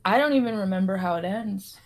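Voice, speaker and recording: A woman's voice: medium pitch, brisk. A woman co-hosting a casual podcast, rambling through a film plot and acting out the characters' quotes. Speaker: podcast co-host. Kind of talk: casual chat.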